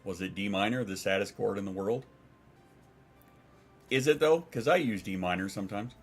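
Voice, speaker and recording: A man talks loosely to his livestream chat in a lowish voice. He rambles, curses freely, and trips over his own sentences as he answers viewers. Casual stream talk. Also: normal speed, slightly rough, faint music behind. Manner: rambling and profane, with frequent restarts.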